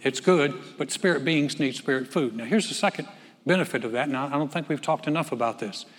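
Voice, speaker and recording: A man's voice: medium pitch, a little fast, in a large hall. A male pastor preaching a conversational sermon, often repeating words and asking the congregation questions.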